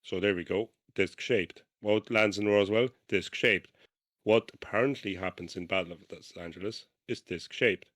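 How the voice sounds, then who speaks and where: Low-voiced man reading a diary haltingly. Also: fairly bright tone. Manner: reads haltingly with restarts, breaks off to comment. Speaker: podcast co-host. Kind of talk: casual podcast chat, reading a diary aloud.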